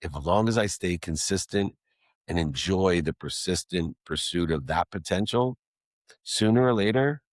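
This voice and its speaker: A man's voice: low-pitched, normal speed, no echo, studio quality. A middle-aged man, a guest in an interview, telling a personal story with emphatic, rhythmic lists of alliterative words.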